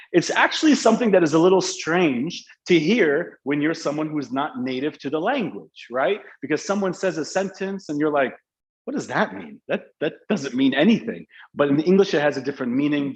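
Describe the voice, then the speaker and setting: Joking, slangy male English teacher. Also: on the high side. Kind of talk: live online class. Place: Dubai.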